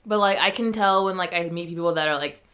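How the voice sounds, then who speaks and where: A woman's voice: lowish voice, quick pace, a bit bright. A young woman with a Californian Valley Girl accent co-hosting a podcast, chatting casually with lots of "like" and frequent laughs. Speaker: podcast co-host. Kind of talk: casual chat.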